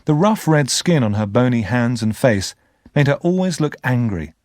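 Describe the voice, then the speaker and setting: A man's voice: mid-range voice, normal speed, dry recording, clean studio sound. A man narrating an audiobook expressively. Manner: expressive, lively. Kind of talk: scripted narration.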